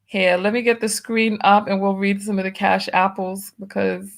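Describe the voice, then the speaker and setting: A woman's voice: mid-range voice, flat delivery, moderate pace, gravelly. A woman hosting a live stream in a casual chat, reading comments aloud in a drawling, exclamatory way. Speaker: host.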